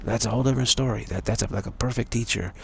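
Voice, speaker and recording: A man's voice: medium pitch, very fast, vocal fry, slight background noise. A man giving a rambling spiritual talk on a live stream, repeating himself and restarting words often. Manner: repetitive, stumbling restarts, earnest. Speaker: spiritual teacher.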